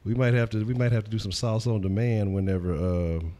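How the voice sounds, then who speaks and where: Deep, fast-talking sports host. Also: male voice, steady tone. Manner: loose, profane, hyped shout-outs. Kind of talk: casual sports talk stream.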